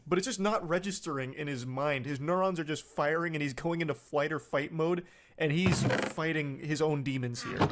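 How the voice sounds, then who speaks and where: A man's voice: on the high side, moderate pace, fairly bright tone. A man doing reaction commentary, reading text messages aloud in a sarcastic, incredulous way and swearing freely. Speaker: online commentator.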